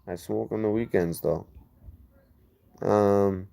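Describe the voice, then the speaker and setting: A man hosting a casual livestream, reading viewer comments and rambling, getting heated and fast when he defends himself. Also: fairly low pitch, steady tone, vocal fry, warm tone. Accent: lazy-sounding regional accent. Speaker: livestream host.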